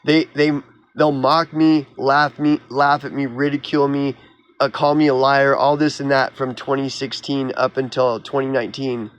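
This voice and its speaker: A man from Oklahoma rants straight to his viewers in a vlog, his tone sarcastic and mocking. He sounds heated and exasperated, and his speaking voice sits at a middling pitch. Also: little pitch movement, normal speed, dull audio. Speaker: YouTuber. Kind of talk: ranting vlog monologue.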